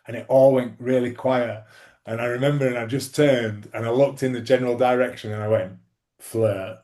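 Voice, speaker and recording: A former rugby league player, interviewed as a guest, tells stories casually in a brisk, dark, steady medium-pitched voice. He rambles, with lots of fillers and restarts.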